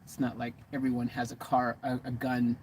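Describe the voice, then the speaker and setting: A man's voice: medium pitch, monotone, normal speed, a little mellow, slight background noise, low-quality recording. An American man vlogging from vanlife, chatting casually to camera in a meandering, self-correcting way. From United States. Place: living in a vehicle.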